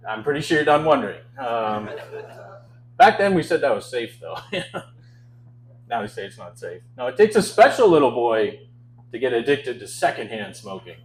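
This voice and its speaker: A man's voice: medium pitch, slight background noise, poor audio. A man in his twenties from Canada doing a stand-up set on a club stage, telling self-deprecating stories with a wry, chuckling delivery into a handheld mic. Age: 20s. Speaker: stand-up comedian.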